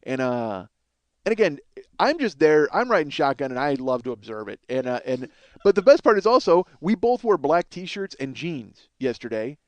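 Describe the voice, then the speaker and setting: A man's voice: fairly high pitch, very animated, normal speed, no echo. A man telling a rambling, profane story as a podcast host, acting out what others said. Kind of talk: casual storytelling monologue.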